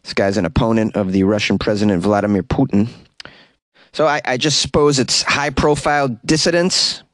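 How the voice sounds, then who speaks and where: A man's voice: medium pitch, steady tone, normal speed, no echo. A man hosting a solo comedy news podcast, rambling, stumbling over foreign names and chuckling at his own jokes, recorded in a closet.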